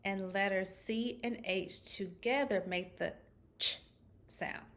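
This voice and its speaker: Slow, carefully articulating woman speech therapist. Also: mid-range voice, steady tone, fairly bright tone. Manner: slow, clear over-articulated modeling of sounds. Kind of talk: children's speech lesson.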